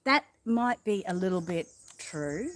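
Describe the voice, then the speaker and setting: A woman with an Australian accent chatting casually outdoors on a live stream, greeting viewers by name in a relaxed way and dropping in the odd mild swear word. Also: medium pitch, a little slow. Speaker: livestream host. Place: outdoors in a backyard. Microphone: phone propped on a ladder a little way off.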